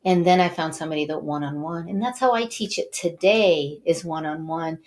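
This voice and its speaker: A middle-aged woman hosting a wellness show, talking straight to viewers as an animated storyteller and Reiki teacher. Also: deep voice, normal speed. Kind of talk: motivational talk to viewers.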